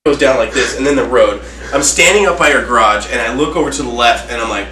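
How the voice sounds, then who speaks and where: A man telling a story in casual chat, animated and laughing, with plenty of swearing. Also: mid-range voice, fast. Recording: echoey room, distant mic, faint hiss.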